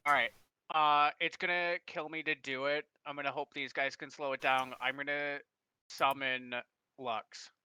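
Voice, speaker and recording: Man player, casual tabletop chat, hesitant, bright crisp voice. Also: a little high, flat delivery, moderate pace, dry recording. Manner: hesitant, many ums and restarts, swears.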